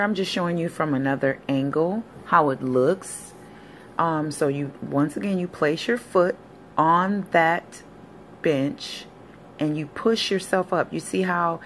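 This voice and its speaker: A woman acting as a personal trainer walks through leg exercises in a casual fitness vlog, upbeat and encouraging. Her voice is low and deep-set, gravelly yet a bit bright, and her chatty delivery has faint background noise underneath.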